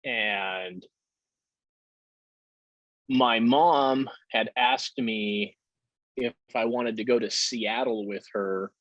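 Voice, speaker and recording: A man telling his story candidly in a casual interview, with halting fillers and the odd curse. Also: mid-range voice, fairly bright tone, no echo. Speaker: podcast guest. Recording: dull lo-fi sound.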